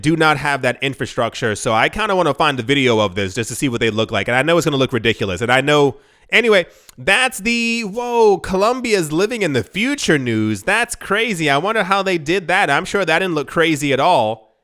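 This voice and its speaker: Excitable, sarcastic man hosting news commentary. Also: sits high, smooth. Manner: excitable, sarcastic, says "like" often. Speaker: show host.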